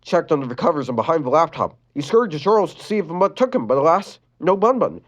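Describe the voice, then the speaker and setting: Expressive fan-story reader. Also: medium pitch, fast talker. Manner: expressive reading with restarts. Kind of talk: reading a fan-written sad story.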